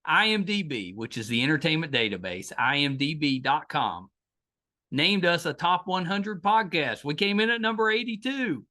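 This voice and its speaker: A man's voice: fairly high pitch, lively intonation, normal speed, sharp tone. A man with a West Virginia accent hosting a podcast interview, enthusiastic and friendly. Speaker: podcast host. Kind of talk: casual interview.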